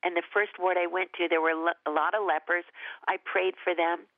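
A woman's voice: fairly low pitch, level tone, dry recording. Woman sharing her testimony on a tinny phone line, earnest, stumbles and restarts, dry sound. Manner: earnest, emotional, with halting restarts. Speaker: ministry leader and guest. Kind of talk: personal testimony storytelling. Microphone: phone call.

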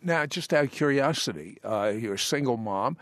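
A man's voice: mid-range voice, lively intonation, normal speed, a bit bright, dry recording. A man hosting a Christian talk show, asking questions in a conversational, affirming way. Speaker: host.

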